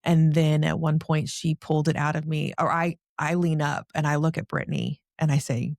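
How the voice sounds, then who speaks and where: Gravelly-voiced woman telling an emotional story. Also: deep voice, little pitch movement, moderate pace, darkish tone, no echo, clean studio sound. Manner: breathless, frequent "like" fillers. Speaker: podcast guest.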